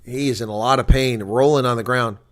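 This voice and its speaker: A man's voice: medium pitch, steady tone, a little fast. A tired man hosting live play-by-play reaction commentary on a rugby match, chatting to his viewers between calls.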